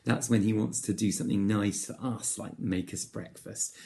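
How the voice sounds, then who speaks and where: A man from England giving a gentle all-age church talk, telling the story and asking his listeners questions. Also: fairly low pitch, steady tone, moderate pace.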